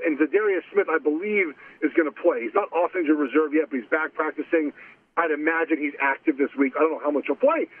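A man giving emphatic, fast-stumbling betting picks as a guest, heard over a remote call. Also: fairly high pitch. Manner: emphatic, repeats words when starting. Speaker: guest sports bettor. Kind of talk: sports betting analysis. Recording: tinny phone-line audio.

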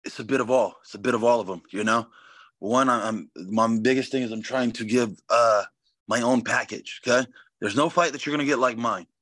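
A man's voice: medium pitch, fairly quick, fairly bright tone, no echo. A man guest in a casual interview, talking in a brash, swaggering, profane way. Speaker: fighter guest.

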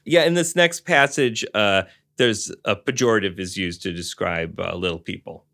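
A man's voice: on the low side, normal speed. A man co-hosting a podcast, reading a hard-boiled novel aloud and breaking off to comment and laugh. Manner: animated, laughs often. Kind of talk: book reading with casual commentary.

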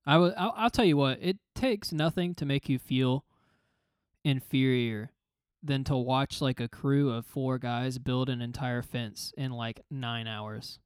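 A man chatting casually on a podcast, with a dry, deadpan and stubbornly insistent manner. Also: medium pitch, measured pace, smooth. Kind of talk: casual chat.

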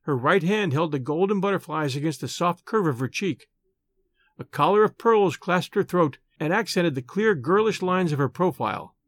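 A man narrating a story in the first person, reading in a measured, expressive manner. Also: a little high, dry recording, studio quality. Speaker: audiobook narrator. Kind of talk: scripted narration.

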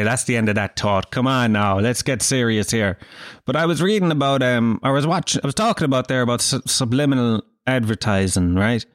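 A man's voice: medium pitch, dry recording, clean studio sound. A man with an Irish accent hosting a podcast, rambling through a crude comedic monologue, swearing freely and laughing at his own jokes. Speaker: podcast host.

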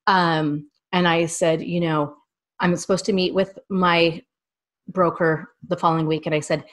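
Thirties woman, kinda low voice, rambly storytelling guest in a chat. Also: fairly even intonation, unhurried. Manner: long, rambling personal storytelling. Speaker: small business owner and guest. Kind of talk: casual interview chat.

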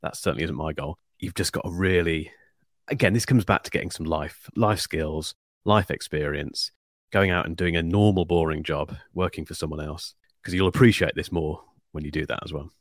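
A man's voice: deep voice, normal speed, no echo, clean studio sound. A man in his forties from England with a neutral English accent, a podcast guest talking in a reflective, self-deprecating way. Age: 40s. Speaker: guest YouTube creator. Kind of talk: casual podcast chat.

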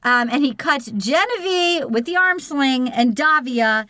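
Woman podcast host, a bit higher voice, casual recap chat. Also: unhurried, dry recording, studio quality. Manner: chatty, animated retelling.

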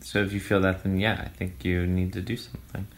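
A man with a very deep voice gives his partner advice. He speaks calmly and in a measured way, and he is steady and reassuring throughout.

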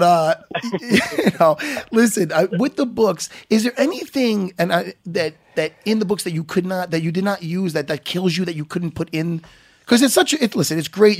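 Stammering, excitable male co-host. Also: high voice, dry recording, studio quality. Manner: stammering, effusive, repeats words. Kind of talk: excited casual chat.

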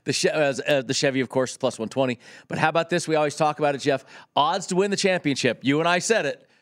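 A man with a West Coast US accent co-hosting a racing betting podcast, jokey and animated, often tripping over his words. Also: on the high side, fast talker. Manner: animated, jokey, stumbles and restarts. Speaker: podcast co-host. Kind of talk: casual sports-betting chat.

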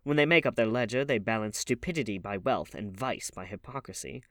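Guy doing a jaded epigram-spouting gentleman, languid drawl, dry close mic. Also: fairly low pitch, lively intonation, fairly quick, dry recording. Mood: wry. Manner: languid, paradoxical wit. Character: cynical, epigram-loving aristocratic gentleman.

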